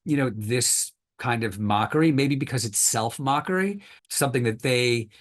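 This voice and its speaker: A man's voice: medium pitch, normal speed. A male historian being interviewed on a podcast, explaining thoughtfully with many hedges and fillers. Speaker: historian guest.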